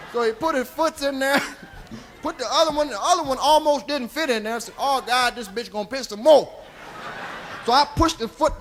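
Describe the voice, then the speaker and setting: A male stand-up comedian telling a profane, rambling tall tale, tagging lines with "see?", going quiet for quoted lines and shouting at the peaks. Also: very high-pitched, a little hiss or hum. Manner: drops to a hushed voice for quoted lines, rises to shouting at the climax. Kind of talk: stand-up storytelling. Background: audience laughter.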